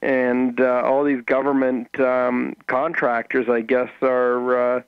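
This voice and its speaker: A man who is a guest on a radio talk show, chatting casually in a rambling, halting way with many restarts. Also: mid-range voice, little pitch movement, gravelly, clean tone, dry recording, narrow, tinny audio. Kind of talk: casual chat.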